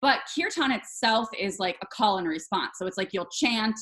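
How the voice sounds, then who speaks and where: A woman's voice: medium pitch, lively intonation, moderate pace, a bit bright. Bubbly middle-aged woman guest. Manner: bubbly, gushing, says "like" a lot. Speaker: guest, therapist and Reiki healer. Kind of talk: casual interview chat.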